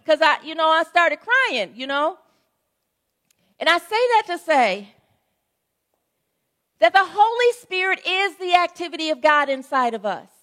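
A woman pastor in middle age preaches a sermon in a relaxed, storytelling manner. Her voice sits high and light, and she keeps checking in with the congregation as she goes. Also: unhurried, long pauses. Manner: conversational storytelling preaching, frequent "right?" asides.

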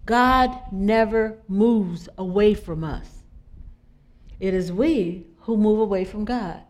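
A middle-aged woman preaching an inspirational sermon, talking conversationally, putting questions to her listeners and dropping into soft, prayerful asides. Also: mid-range voice, slow pace. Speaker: spiritual speaker.

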